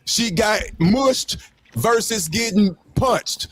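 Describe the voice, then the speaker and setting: A man's voice: high-pitched, lively intonation, slow pace, fairly bright tone, dry recording, clean studio sound. A man in his fifties co-hosting a podcast, insistently laying out hypotheticals with stumbling restarts. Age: 50s. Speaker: podcast co-host. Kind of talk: casual debate.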